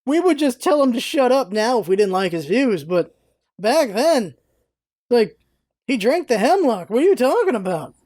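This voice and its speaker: A woman ranting in a casual vlog, animated and exasperated, laughing often and swearing freely. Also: fairly high pitch, moderate pace, no echo, studio quality. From United States. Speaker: vlogger, show host.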